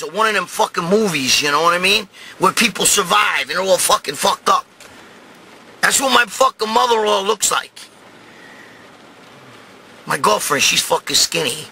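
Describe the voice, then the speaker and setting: Host, middle-aged New York Italian guy, crude rambling storyteller, high bright voice. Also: vocal fry, slight background noise, rough recording. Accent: New York Italian-American. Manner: profane, rambling, swings to loud shouting. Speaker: show host telling a story. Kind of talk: crude comic storytelling monologue.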